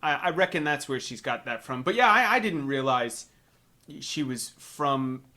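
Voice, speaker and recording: A young man from the South, co-hosting a casual podcast, animated and quick to laugh, with lots of fillers. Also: medium pitch. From Southern United States. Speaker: podcast co-host. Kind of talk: casual chat.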